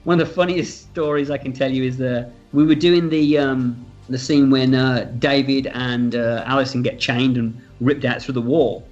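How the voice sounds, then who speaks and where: A film director telling stories from the set in a casual, animated interview, acting out quotes and swearing freely. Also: male voice, medium pitch, normal speed, hardly any pauses. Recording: slightly dull audio with faint music.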